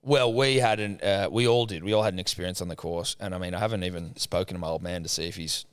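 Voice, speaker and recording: A man, a podcast co-host, telling a lively, heavily sworn anecdote in casual chat. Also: low voice, quick pace, smooth. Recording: long room reverb.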